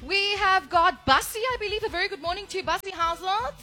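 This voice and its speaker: A woman's voice: extremely high pitch, lively intonation, a little fast, pushed and bright, soft background music. A South African woman co-hosting morning radio, bubbly and teasing as she greets callers and asks quiz questions. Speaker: radio co-host. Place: radio studio.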